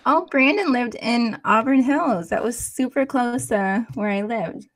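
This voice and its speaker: A woman from Michigan with a nasal Midwestern accent, chatting softly as a guest on a live stream. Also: a little high, unhurried, no echo. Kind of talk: casual live stream chat.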